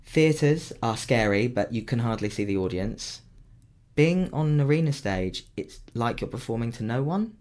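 A young man, a musical theatre performer, chatting casually and telling animated stories. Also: normal speed. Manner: animated storytelling with big pitch leaps. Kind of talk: casual chat.

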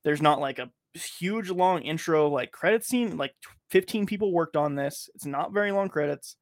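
Male podcast host, a touch high, dry close mic, rambling and profane. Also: expressive, moderate pace, no echo. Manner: rambling, profane, lots of filler words. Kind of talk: casual chat.

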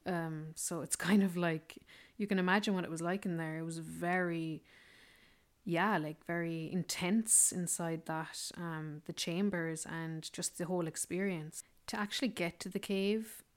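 Chatty woman, low voice. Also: fairly even intonation, a little slow. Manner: chatty, rambling, fond of fillers like "like" and "yeah". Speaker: travel vlogger. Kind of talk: casual travel story.

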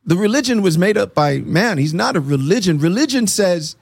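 A man being interviewed who gives an earnest, animated faith testimony and acts out the dialogue in his stories. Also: high voice, a little fast, creaky, breathy edge, no room sound. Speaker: interview guest.

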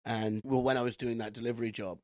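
A man's voice: mid-range voice, little pitch movement, quick pace, a little mellow, dry recording, studio quality. A man co-hosting a podcast, joking wryly and laughing often in casual chat. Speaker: podcast co-host.

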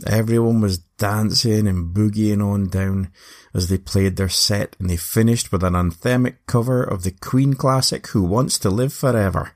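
Scottish male storyteller, low and gravelly, wry and playful. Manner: wry, lively, playful asides. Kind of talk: casual storytelling narration.

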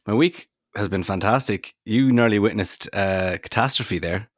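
A man co-hosting a podcast, telling stories in chatty, animated casual talk. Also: fairly low pitch, normal speed, dry recording, clean studio sound. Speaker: podcast co-host.

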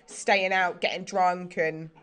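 A woman's voice: fairly low pitch, fairly even intonation, slow pace, fairly bright tone, a little hiss or hum. A young woman chatting casually as a podcast co-host, rambling and self-deprecating, with many filler words. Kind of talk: casual chat.

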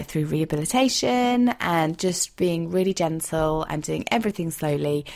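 A woman hosting a podcast, telling a personal story in a heartfelt, gentle, emotional way. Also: fairly low pitch, vocal fry. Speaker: podcast host.

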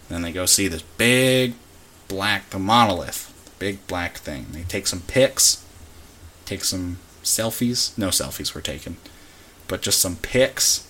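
A man's voice: low voice, expressive, unhurried, pauses often, bright, forceful tone. A young man co-hosting a podcast, rambling and joking through a casual movie recap with lots of fillers. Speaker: podcast co-host. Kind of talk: casual chat recapping a film. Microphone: podcast mic.

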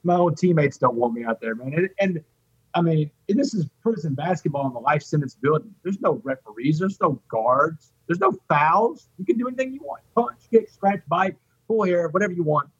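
The man from Port Arthur, Texas, an interview guest, talks brisk and husky in a voice on the high side, animatedly telling a personal story and quoting others in their voices. It's captured as dull, dry, lo-fi audio without echo.

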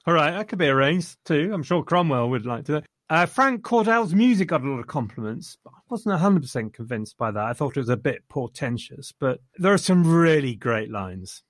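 A man's voice: fairly high pitch, sing-song, a little fast, few pauses, no echo, clean studio sound. A man chatting casually about a film he enjoyed, rambling enthusiastically and quoting lines. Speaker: podcast co-host reviewing a film. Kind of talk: casual chat.

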